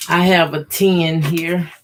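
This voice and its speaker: Slow-talking woman chatting while sewing. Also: on the low side, a little hiss or hum. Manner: slow, easygoing running commentary, addresses viewers as y'all. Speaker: quilter hosting a sewing livestream. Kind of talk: casual chat while sewing.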